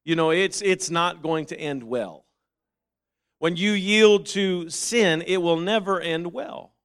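Fervent high-voiced male preacher. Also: slow pace, clean tone. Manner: builds from quiet reasoning to loud, fervent calls; repeats phrases and quotes scripture aloud. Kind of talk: sermon.

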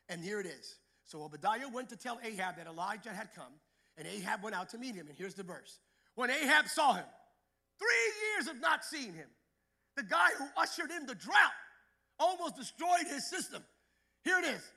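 A male pastor preaching a sermon, building to shouted, rhythmic repetition. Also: high voice, very animated, moderate pace.

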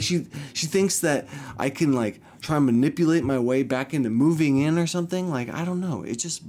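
A man's voice: a little high, darkish tone. A young man venting a personal story, agitated and upset, swearing often and restarting his sentences.

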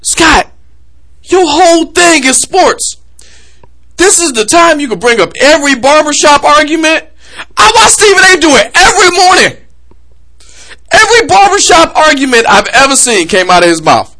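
A man tears into a sports topic on a podcast, voice swinging wide. His tone is bright and edgy. He talks in a heated, comic rant style. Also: extremely high pitch, moderate pace. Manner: animated, heated ranting. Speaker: podcast host.

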